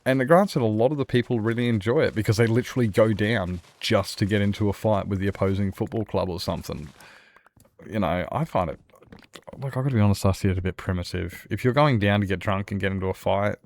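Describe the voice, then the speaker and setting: A man's voice: on the low side, fast, darkish tone. A man with an Australian accent chatting casually with viewers while playing a game, rambling, often laughing and restarting his sentences. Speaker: streamer.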